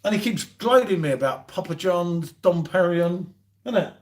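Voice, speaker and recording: Bantering man, pitched a bit high. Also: lively intonation, moderate pace. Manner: joking banter, calls everyone mate. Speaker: co-host of a live beer stream. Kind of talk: casual chat.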